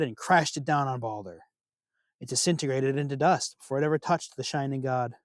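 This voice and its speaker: A man narrating a myth as a storyteller, expressive and unhurried. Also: a little high, no echo, clean studio sound.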